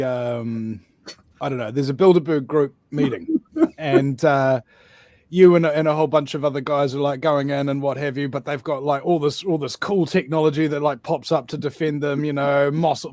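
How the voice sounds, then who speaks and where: A man talks loosely on a casual show, piling up ideas and cracking himself up. His voice sits a little high and sounds dry and close. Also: normal speed, darkish tone, dry recording. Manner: jokey, rambling, laughs at own jokes. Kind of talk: casual chat.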